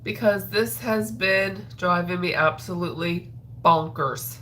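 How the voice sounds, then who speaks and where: A woman's voice: on the low side, a little slow, fairly bright tone, a little hiss or hum. A woman with a stuffed-up nose, hosting a crochet livestream in a rambling, chatty way full of ums. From Atlantic Canada. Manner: rambling, chatty, with frequent ums and trailing sos. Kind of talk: casual livestream chat while crocheting.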